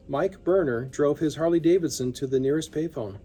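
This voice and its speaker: A man narrating a magazine story in a calm, measured reading voice. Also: fairly high pitch, slightly rough, soft background music. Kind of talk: scripted narration.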